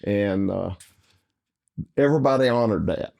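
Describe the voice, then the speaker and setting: An older man with a drawl and a gravelly, dark, low voice tells a long story in a casual chat. He acts out the other people in his story with lively shifts of voice. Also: measured pace. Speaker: host.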